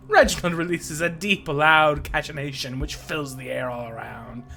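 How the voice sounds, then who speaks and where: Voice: mid-range voice, steady tone, moderate pace, hardly any pauses, pushed and bright. A game streamer reading a story game aloud with playful, self-mocking commentary and frequent laughter.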